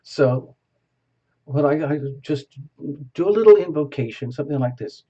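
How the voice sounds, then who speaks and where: A man's voice: fairly high pitch, expressive, moderate pace, dark tone, lo-fi sound. A man as a tarot reader, improvising a live reading and talking a viewer through each step.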